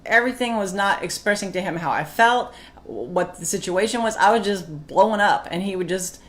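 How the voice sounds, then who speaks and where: A woman's voice: medium pitch, moderate pace. A woman co-hosting a marriage talk, chatting casually and acting out her old arguments. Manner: animated, acts out her past outbursts. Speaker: co-host of a marriage talk show. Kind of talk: casual chat with reading aloud.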